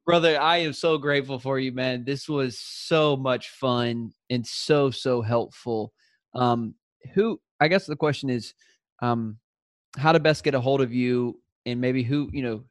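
A man's voice: medium pitch, no echo, clean studio sound. A man hosting a podcast, friendly and effusive as he thanks his guest and closes the show. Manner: friendly, effusive, calls people "man" and "brother". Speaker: podcast host. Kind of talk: casual interview wrap-up and outro.

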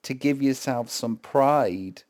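Mellow-voiced man, gently reassuring. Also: medium pitch, slow. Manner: joking then gently reassuring. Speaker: podcast co-host. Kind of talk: casual conversation.

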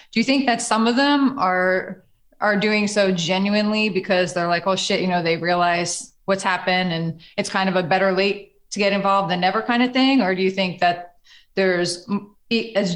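A woman hosting a casual interview, asking long, hesitant questions full of fillers and restarts. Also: medium pitch.

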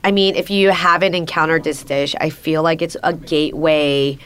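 A woman's voice: sits low, fairly even intonation, moderate pace, a bit bright. A woman hosting a casual food chat, upbeat and talkative, with lots of fillers. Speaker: host.

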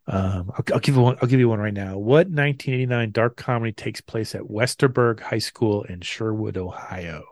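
A man's voice: lowish voice, darkish tone, dry recording. Hesitant, dry-voiced male podcast host. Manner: hesitant, repeats words while thinking. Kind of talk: casual chat.

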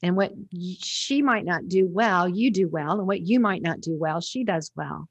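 A woman's voice: on the low side, moderate pace, breathy edge, no echo, dull audio. A woman guest on a podcast interview, talking in a reflective, rambling way with restarts.

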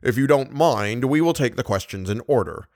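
A man reading an audiobook, voicing a skeptical police commissary with a measured, ironic, solemn manner. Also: mid-range voice, animated, darkish tone, dry recording, clean studio sound, natural voice.

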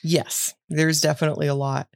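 A woman's voice: sits low, little pitch movement, creaky, no room sound. Woman explaining plot details, dry sound. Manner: explanatory, quick to laugh. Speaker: podcast co-host. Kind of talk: casual book-discussion chat.

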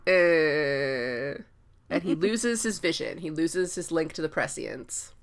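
An animated woman in casual podcast chat, her voice sitting fairly low. She keeps slipping into quick character voices as she retells scenes. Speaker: podcast co-host. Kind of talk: casual book discussion.

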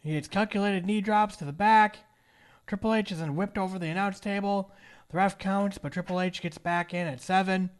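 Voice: mid-range voice, fairly even intonation, a little fast. A podcast co-host chatting casually and joking while narrating a wrestling match move by move. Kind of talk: casual podcast chat with play-by-play recap.

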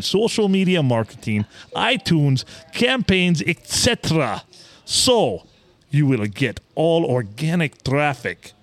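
A man voicing a pushy male spam podcast promoter in a put-on Russian accent, reading slowly in broken English. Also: fairly bright tone. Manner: broken English, slow, salesy pitch.

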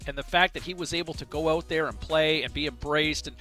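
Animated, bright-voiced sports radio man. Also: fairly high pitch, quick pace, faint music behind. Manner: animated, repeats words when starting thoughts. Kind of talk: casual sports banter.

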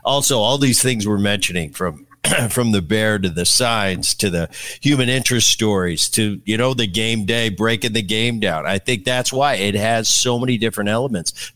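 A man's voice: fairly low pitch, a bit bright. A middle-aged man hosting a podcast, chatting casually and joking with his guest. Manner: chatty, jokey, acts out quoted lines. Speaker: podcast host. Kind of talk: casual interview chat.

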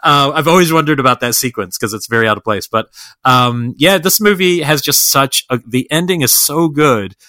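A man co-hosting a film podcast, talking with bright, forceful energy and a mid-range voice. He rambles eagerly, with plenty of ums and restarts. The sound is dry and close, with no room around it. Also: medium pitch, moderate pace, no echo. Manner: enthusiastic, rambling with many fillers. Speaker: podcast co-host. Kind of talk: casual film chat.

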